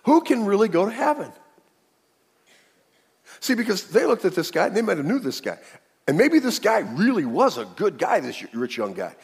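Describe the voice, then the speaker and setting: A husky-voiced male pastor preaches with a lively, swooping delivery, often putting on voices for the people in the story. His voice rings out through a church with a long, trailing reverb. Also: sits high, fairly quick. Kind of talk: sermon.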